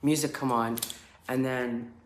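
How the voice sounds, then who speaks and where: A woman recounts her own experience in relaxed, chatty storytelling, full of "like" and "you know", and acts out the sounds she heard. Her voice carries a noticeable echo from a roomy space. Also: a bass voice, unhurried, slight background noise. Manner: animated, acts out screams and chants, many fillers. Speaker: spiritual healer sharing her story. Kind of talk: casual personal storytelling.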